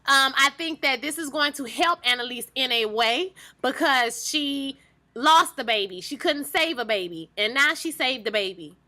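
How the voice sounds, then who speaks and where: A young woman chatting casually to her viewers as she recaps a TV episode, animated and emphatic. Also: sits high, normal speed. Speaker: TV recap vlogger.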